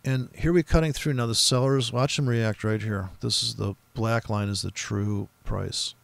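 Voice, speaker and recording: A man's voice: fairly low pitch, steady tone, normal speed, vocal fry, no echo. A man giving rambling, profane, casual commentary while trading, often mimicking other traders. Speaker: forex trader streaming his trading.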